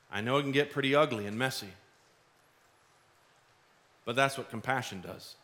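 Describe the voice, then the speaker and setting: A pastor preaching a sermon in an earnest, conversational way, acting out short asides. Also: male voice, medium pitch, pushed and bright.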